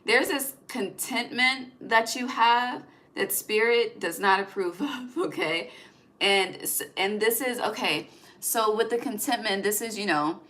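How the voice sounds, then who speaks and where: Woman, young adult, tarot reader, chatty, swears freely, bright tone. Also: fairly high pitch, unhurried. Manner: chatty, profane, laughs often, sings snatches of songs. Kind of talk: casual tarot reading.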